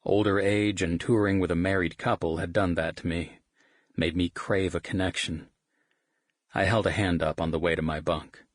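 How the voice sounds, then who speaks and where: Male narrator, first-person audiobook, wry and casual, very low voice, husky, dry close studio sound. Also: fairly even intonation, normal speed, no echo. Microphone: studio microphone.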